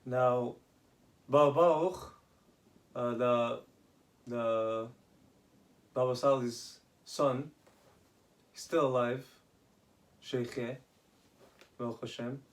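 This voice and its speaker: A man tells a religious story in a loose, conversational way, stopping and restarting sentences as he goes. His voice sits at an ordinary middle pitch. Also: steady tone, drawn-out words, long pauses. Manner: retells with acted quoted dialogue and many restarts.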